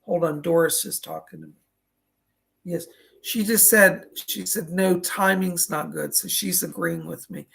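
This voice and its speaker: A male psychic medium gives live online readings and relays messages, often stopping with "hold on" and now and then coughing or clearing his throat between readings. His voice runs fairly high and fairly bright, with huge pitch swings and a slightly slow pace.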